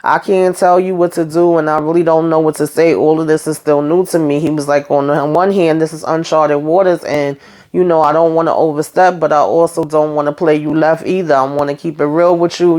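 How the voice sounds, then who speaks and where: A woman's voice: low voice, darkish tone. A woman hosting a casual TV episode recap, talking in a chatty, slangy way and retelling scenes as she acts out the characters' lines. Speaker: TV recap host.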